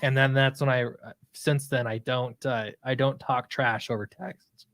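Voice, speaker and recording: A man's voice: mid-range voice, fairly even intonation, normal speed, fairly bright tone, dry recording. A man co-hosting a podcast who tells an embarrassing story in a casual, self-mocking way, often breaking into laughter and restarting his sentences. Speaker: podcast co-host.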